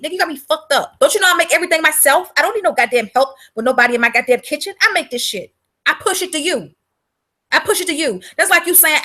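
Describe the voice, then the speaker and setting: Woman, high bright voice, blunt profane livestream rant, fired-up and repetitive. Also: expressive, fast. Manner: repeats words for emphasis. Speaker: vlogger selling herbal products.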